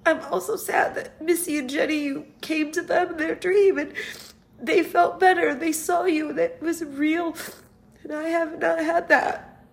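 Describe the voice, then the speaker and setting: A woman hosting a podcast, speaking in a halting, grieving personal monologue, tearful and sighing as she trails off. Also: very high voice, fairly even intonation, gravelly. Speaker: podcast host.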